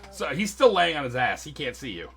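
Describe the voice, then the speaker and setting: A man's voice: medium pitch, sing-song, moderate pace, gravelly, breathy edge. A man running a tabletop game as game master, casual and swearing, with frequent laughs. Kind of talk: narrating a tabletop game on stream.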